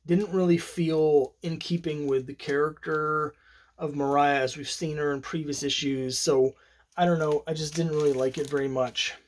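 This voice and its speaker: This man's voice sits on the high side, with a steady tone and normal speed. Speaking solo and casually, he goes through his comic collection in a rambling, opinionated way, often using fillers and starting over.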